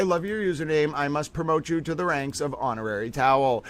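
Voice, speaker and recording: A man's voice: fairly high pitch, a little fast, hardly any pauses, dry recording. Theatrical, playful man livestreaming. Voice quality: playful theatrical rambling with mock-grand vocabulary. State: tired late in a long stream. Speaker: livestream host. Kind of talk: long live stream commentary.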